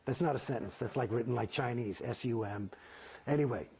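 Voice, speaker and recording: A man's voice: mid-range voice, brisk, darkish tone. A man telling his story in an interview, blunt and profane, rambling through false starts. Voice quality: gravelly, husky voice.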